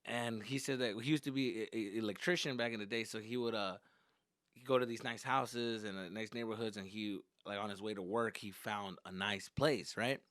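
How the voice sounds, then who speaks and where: A man's voice: lowish voice, steady tone, moderate pace, fairly bright tone, dry recording, studio quality. A male comedian telling casual, profane childhood stories and slipping into Spanish at times. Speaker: stand-up comedian. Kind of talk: comedic storytelling.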